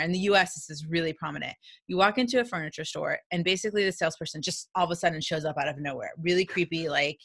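A woman's voice: on the low side, fairly bright tone. A woman business coach giving a casual motivational talk, candid and blunt, who acts out quoted dialogue and laughs often. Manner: candid and blunt, with mild swearing.

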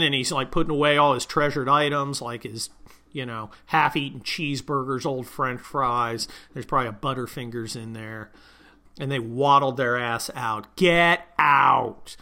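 A man's voice: mid-range voice, moderate pace, gravelly, pushed and bright. A man hosting a political talk monologue, combative and sarcastic, heaping insults on his targets. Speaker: political commentary host.

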